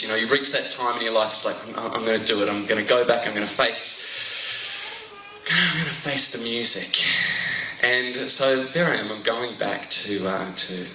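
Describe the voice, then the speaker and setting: A young man is doing stand-up in a live venue, chatty and quick to poke fun at himself. His voice is bright and sharp, and he often trips over his words. The sound is roomy, with a faint hiss under it. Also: mid-range voice. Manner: chatty, self-mocking, stumbles over words. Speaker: stand-up comedian. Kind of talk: stand-up routine. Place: comedy stage before a live audience.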